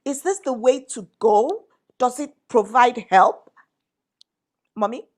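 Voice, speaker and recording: A middle-aged woman leading a conversation with her family. She teases gently, then poses questions in a steady voice of ordinary pitch. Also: takes it slowly. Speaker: host.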